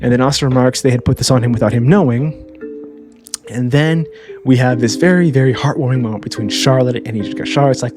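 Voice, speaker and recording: A man's voice: mid-range voice, fast. Chatty man recapping an anime. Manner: chatty, uses "all right?" as a tag, acts out quotes. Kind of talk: casual recap commentary. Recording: clear background music.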